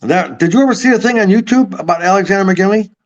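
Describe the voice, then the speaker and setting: A man's voice: high voice, quick pace. A man from Buffalo, New York, a podcast guest, telling long rambling stories with swearing. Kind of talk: casual storytelling. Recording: slightly muffled audio.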